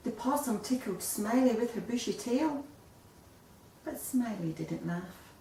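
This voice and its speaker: A woman reading a children's picture book aloud in an expressive storytelling manner. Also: on the high side, a little slow, a little hiss or hum. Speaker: storybook reader. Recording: echoey room, voice a bit far off.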